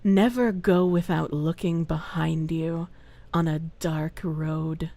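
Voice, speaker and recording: A woman putting on a deep, slow, menacing villain. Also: steady tone, vocal fry, warm tone, no room sound, full character voice. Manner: slow, low, deliberate threats. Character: cold, menacing villain vowing revenge. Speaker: streamer.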